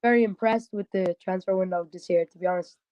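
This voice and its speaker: A man's voice: sits high, fairly even intonation, quick pace, a little mellow, no echo, muffled recording. A young man from Dublin with a Dublin Irish accent, calling a fan phone-in, easygoing and upbeat with lots of 'like'. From Dublin, Ireland. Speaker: caller. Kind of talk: casual phone-in chat.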